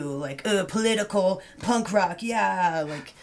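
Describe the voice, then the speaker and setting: Animated woman chatting, quoting in silly voices. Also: mid-range voice, a little slow, a little hiss or hum. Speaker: podcast co-host. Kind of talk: casual chat.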